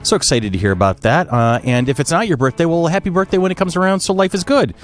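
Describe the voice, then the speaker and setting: A man's voice: on the high side, fast, faint music behind. A man hosting a casual podcast, running through upcoming events in a cheerful announcer manner. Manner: upbeat announcer-style event rundown. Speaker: podcast host.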